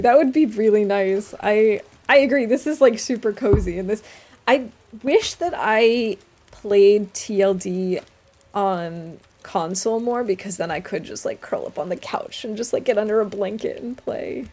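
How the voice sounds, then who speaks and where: A young adult woman streamer chatting casually while playing a game, reading chat aloud and dropping quiet asides. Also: medium pitch, normal speed. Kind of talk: casual gameplay commentary.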